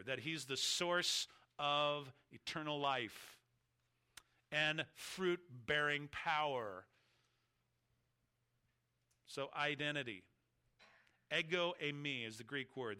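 A man preaching a sermon, explaining scripture with emphatic, deliberate phrasing and slowed, stressed lines. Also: medium pitch, pushed and bright, clean tone. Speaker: pastor.

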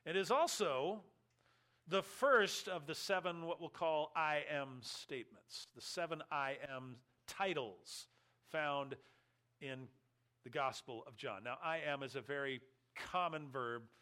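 Bright-voiced male preacher teaching. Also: mid-range voice, slow. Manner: teaching, emphatic with wry asides. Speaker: pastor. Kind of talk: sermon.

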